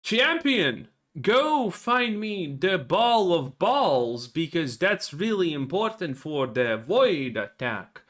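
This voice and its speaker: A man's voice: high-pitched, sing-song, slow, few pauses, a bit bright, heavily acted. A man voicing a bossy male elf quest giver from a game, curt and dismissive.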